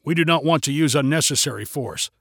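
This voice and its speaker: A stiff, official stormtrooper guard barking clipped orders, as a male storyteller puts him on. The voice is a little high and sits in a dry, close space with no room sound. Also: fast talker, a bit bright, breathy edge, no room sound. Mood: stern. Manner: stern, clipped commands.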